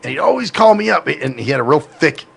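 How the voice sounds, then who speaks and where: Male podcast host, gravelly, rambling and profane, casual tone. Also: on the high side, very animated, fast, a bit bright. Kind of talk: casual chat.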